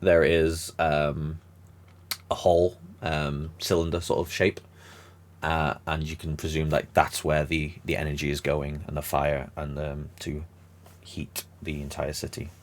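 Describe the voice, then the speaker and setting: A man with a very low voice narrates a tabletop campaign as game master. He rambles, fills gaps with ums and corrects himself as he describes the scene. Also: monotone, unhurried.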